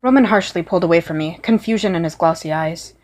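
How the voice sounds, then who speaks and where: A woman's voice: on the low side, fast talker, darkish tone. A woman reading first-person fan fiction aloud in an earnest way, with small restarts. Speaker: story reader.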